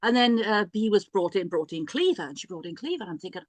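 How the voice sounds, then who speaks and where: Middle-aged female healer, mid-pitched, casual rambling storyteller, dry sound. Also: big pitch swings, quick pace, no echo. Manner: chatty, self-mocking, many restarts and asides. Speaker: priestess and healer.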